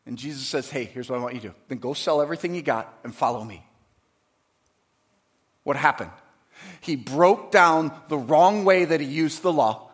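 A pastor delivering a sermon, moving between quiet, conversational asides and loud, emphatic preaching, acting out quoted voices. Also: male voice, on the high side, moderate pace, long pauses. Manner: acts out quoted voices dramatically.

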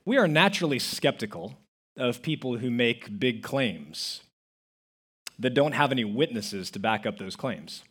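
A man's voice: mid-range voice, expressive, measured pace, a bit bright, husky. A man preaching a sermon as pastor, telling stories with acted-out quotes and stressing key words. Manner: storytelling with acted-out quotes, emphatic.

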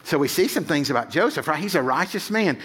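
A man's voice: on the high side, expressive, fast, fairly bright tone, husky. A middle-aged male pastor giving a sermon in a casual, conversational way, often checking in with 'right?'.

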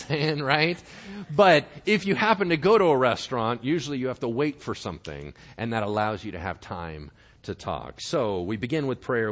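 Animated preacher man, lively pitch. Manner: animated, conversational preaching with acted-out dialogue. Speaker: pastor. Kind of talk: sermon.

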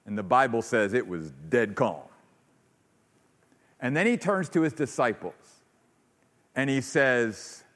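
A man's voice: expressive, takes it slowly, long pauses, a bit bright. A man preaching a sermon as pastor, earnest, acting out quoted voices, then leading a closing prayer in a church. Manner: earnest, acts out quoted voices with rising pitch. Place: church sanctuary. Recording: long reverb of a large hall.

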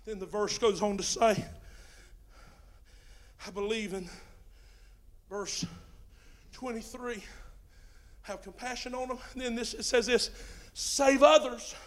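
High-voiced preacher, hushed to shouting. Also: male voice, steady tone. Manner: swings from hushed to shouting, drawn-out emphatic phrases. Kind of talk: sermon.

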